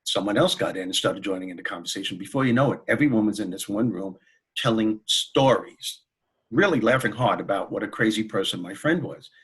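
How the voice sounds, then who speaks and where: A man who is a comedian and motivational speaker, telling anecdotes as a guest in an interview in an animated way. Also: lowish voice, fairly quick, breathy edge. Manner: animated, anecdotal, laughs while telling stories. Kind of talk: storytelling in an interview.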